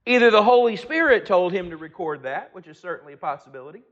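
A man preaching a sermon, reading scripture aloud and earnestly slowing down and swelling his voice for emphasis. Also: high voice, expressive, fairly bright tone, highs cut off.

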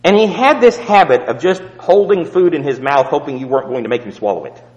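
Animated preacher, man, long hall reverb. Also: a little fast, highs cut off. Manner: storytelling, swinging from loud emphatic peaks to hushed low asides. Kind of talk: sermon.

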